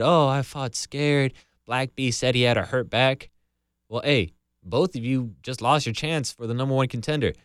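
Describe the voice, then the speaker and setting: A man's voice: mid-range voice, fairly bright tone, no room sound, studio quality. A man hosting a podcast, giving heated, profane commentary in a ranting style. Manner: heated, ranting, heavy swearing. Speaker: podcast host.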